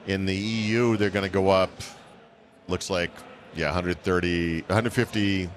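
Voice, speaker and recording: Brief: low-voiced man, wry podcast co-host, rambling chat. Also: steady tone, normal speed, a little hiss or hum. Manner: rambling, wry, self-correcting. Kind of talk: casual tech chat.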